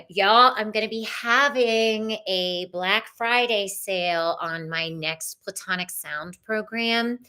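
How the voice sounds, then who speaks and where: A woman's voice: on the low side, sharp tone. A woman hosting a live-stream tarot and astrology show, chatting casually and bubbly, greeting viewers by name.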